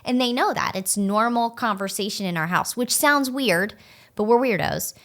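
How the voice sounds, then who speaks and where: A woman's voice: fairly high pitch, moderate pace. A woman in her thirties co-hosting a church podcast, telling stories and acting out chats with her child. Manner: warm, storytelling, acts out conversations with her child. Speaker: podcast co-host. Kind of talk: casual podcast talk.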